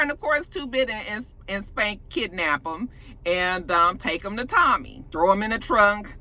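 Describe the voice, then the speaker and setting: A woman casually recapping a TV episode in an animated, profane way, often acting out the characters' lines. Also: medium pitch, normal speed, background noise. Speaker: TV episode reviewer.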